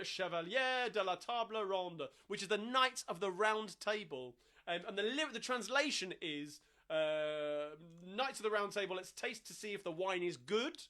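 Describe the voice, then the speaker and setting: A man hosting a live sing-along stream, chatting between songs in a rambling, filler-heavy way. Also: sits high. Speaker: sing-along host and pianist. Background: loud piano playing.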